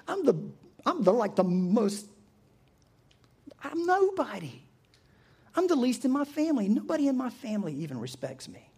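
A man's voice: sits high, wildly swooping pitch, fairly quick, darkish tone, slightly rough, full character voice. A man voicing a self-doubting young man in hiding, who stammers and pleads when he speaks. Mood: pleading.

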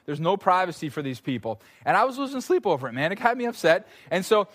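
Lively, slightly high-voiced male pastor. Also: fast talker. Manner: animated, conversational storytelling with playful asides. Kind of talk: sermon. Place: church service.

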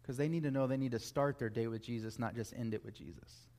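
A man's voice: medium pitch, fast, darkish tone. An earnest man preaches a sermon in a mid-range voice. He is emphatic and hammers home key phrases by repeating them.

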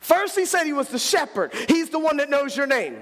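A man's voice: very high voice, expressive, brisk, a bit bright. A man preaching a fervent sermon as pastor, often repeating words as he builds emphasis, heard in a church sanctuary. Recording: long hall reverb.

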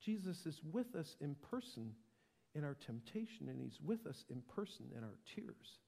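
A man preaching a sermon, dropping to a whisper and building to loud, emphatic passages. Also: on the high side, sing-song, moderate pace, gravelly, long reverb tail. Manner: dramatic swings from whisper to loud. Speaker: pastor.

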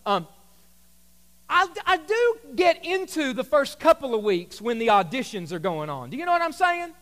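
High-voiced pastor preaching in a reverberant church. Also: male voice, normal speed. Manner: conversational, humorous, animated storytelling. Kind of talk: sermon. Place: church sanctuary. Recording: long hall reverb from a church.

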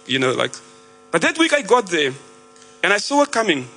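An Australian man preaches in a loose, conversational way, repeating and restarting as he tells a story. His voice sits high for a man. Soft music plays faintly behind him. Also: sing-song, fairly quick, husky, low-quality recording. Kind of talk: sermon.

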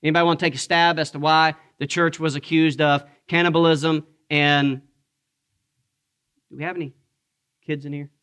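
Pastor z wyższym głosem, gawędziarskie kazanie. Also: male voice, on the high side, little pitch movement, normal speed, pauses often, fairly bright tone, clean tone. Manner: conversational, asks the congregation questions, jokes. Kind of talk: sermon. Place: church sanctuary.

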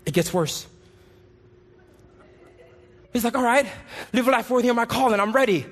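A man preaching a sermon with passion, pleading loudly at times and then dropping his voice low. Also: lively intonation, normal speed. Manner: impassioned, rising to pleading shouts and dropping low.

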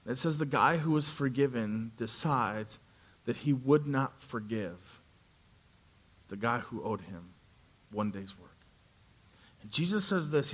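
A male pastor preaching a sermon, telling a story with animated delivery and acting out the characters' voices. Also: medium pitch.

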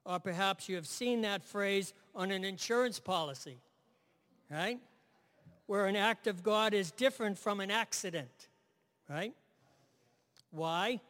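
Slow-preaching man in a reverberant hall. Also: high-pitched, a bit bright. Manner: conversational, repeats phrases, asks "right?". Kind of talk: sermon.

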